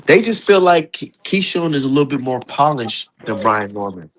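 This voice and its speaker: A man's voice: mid-range voice, big pitch swings, normal speed, noisy background. A man hosting a casual boxing talk stream, emphatic and profane, voice jumping up when he gets heated. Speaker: streamer host.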